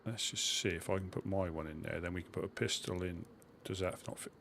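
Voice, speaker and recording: A man's voice: low voice, steady tone, brisk, creaky, fairly bright tone, slight background noise. A man with a Suffolk accent chatting casually while streaming a game, muttering to himself as he sorts his gear. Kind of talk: casual live-stream commentary.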